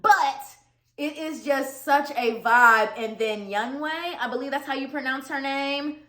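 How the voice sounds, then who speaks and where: A woman vlogging an album review, gushing and animated, often laughing and repeating words for emphasis. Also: sits high, a little slow. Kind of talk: casual excited vlog talk. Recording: echoey room.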